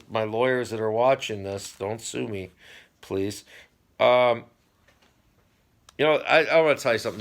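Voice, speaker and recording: A middle-aged man with a mid-range, slightly bright voice hosts a home channel. In casual chat, he recaps a TV dating show, rambling with wry asides.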